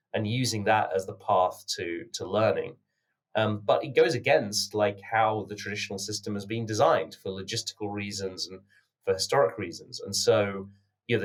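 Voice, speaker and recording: A man with a British accent, from the United Kingdom, talking as a podcast guest in an earnest, measured way with many filler words. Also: fairly low pitch. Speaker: podcast guest, company founder. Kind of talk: conversational interview answers.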